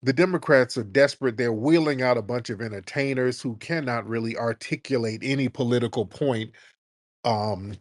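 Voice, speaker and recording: A blunt male radio host running a call-in show, quick to lose patience and push callers to get to the point. His voice is mid-pitched and dry, with little room sound. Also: no room sound. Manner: blunt, impatient, exasperated. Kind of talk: live call-in commentary.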